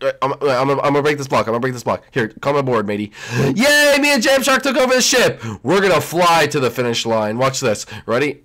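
A young man hosting a gaming channel, commentating a multiplayer game with excitable outbursts and playful trash talk at his teammates. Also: medium pitch. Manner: excitable, swings from mumbling to shrieking. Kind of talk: live gameplay commentary.

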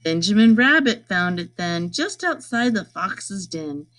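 Lively woman reading a rhyming storybook. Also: mid-range voice, a little slow. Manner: lively sing-song reading with small voices for characters. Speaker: storybook reader. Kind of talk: reading a rhyming picture book aloud.

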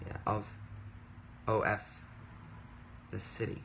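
A man's voice: on the low side, measured pace, a bit bright, slight background noise. A man in his thirties chatting casually on a livestream from his home work desk, rambling and interrupting himself in a playful way. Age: 30s. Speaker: musician livestreaming.

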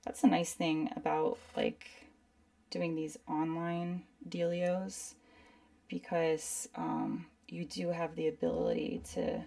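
A woman's voice: fairly low pitch, flat delivery, slow, gravelly, warm tone, distant mic. A woman teaching a live painting demo at her desk, chatting and rambling to herself as she works. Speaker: art instructor.

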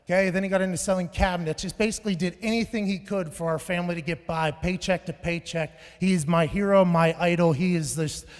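A man in his thirties doing a stand-up comedy set, telling stories loudly with profane, shouted bursts. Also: sits high, fairly even intonation, fast talker, hardly any pauses. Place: large venue on stage. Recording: live hall with long reverb.

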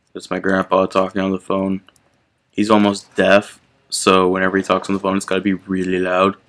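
A young man hosting his gaming channel, chatting casually and reacting out loud to the game as he plays. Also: low voice. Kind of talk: casual gameplay commentary.

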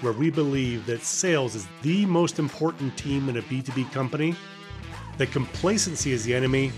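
A middle-aged podcast host from Scotland with a faded Scottish accent mixed with American, talking fast in a solo monologue and sometimes mumbling words. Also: male voice, mid-range voice. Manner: quick talker who sometimes mumbles words.

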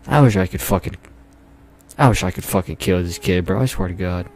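A man's voice: deep voice, brisk, a little mellow. A young man playing a horror game, jumpy and nervous, swearing often and laughing at his own scares. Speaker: gamer.

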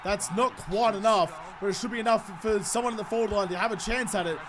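High-voiced man shouting over gameplay. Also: fast talker, crowd noise. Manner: swears freely, swings between shouting and muttering. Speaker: gaming YouTuber. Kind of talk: excited gameplay commentary.

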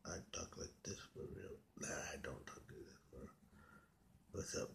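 A man voicing an easygoing young man character in a comic monologue, talking in a deep, half-whispered mumble with slow, repetitive asides. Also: lively intonation, creaky, fairly bright tone, full character voice. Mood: laid-back. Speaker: comedy vlogger.

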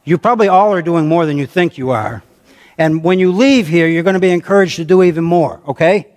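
A man's voice: on the high side, brisk, a little mellow. A male pastor with an American accent preaching a sermon, conversational, calling on the congregation and repeating phrases for emphasis. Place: church sanctuary. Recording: long reverb of a church hall.

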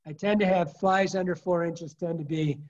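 A man's voice: high voice, fairly even intonation, moderate pace, a little mellow. A middle-aged man teaching fly fishing, telling rambling, colorful stories full of restarts and the odd curse word. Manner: rambling, colorful storyteller with frequent restarts and mild swearing. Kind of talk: casual presentation with anecdotes. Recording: dull lo-fi talk recording.

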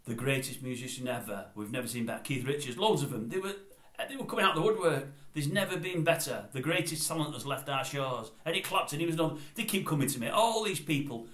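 Older bloke, mid-pitched, digressive vlogger rant, recorded in an echoey room. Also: male voice, expressive, quick pace, a bit bright. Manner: rambling, digressive, opinionated. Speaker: YouTube commentator. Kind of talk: casual opinion vlog.

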